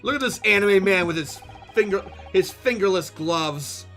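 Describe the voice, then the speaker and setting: Irreverent, bright-voiced male streamer. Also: high-pitched, lively intonation, moderate pace, soft background music. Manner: irreverent, joking, swears freely. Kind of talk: let's-play commentary.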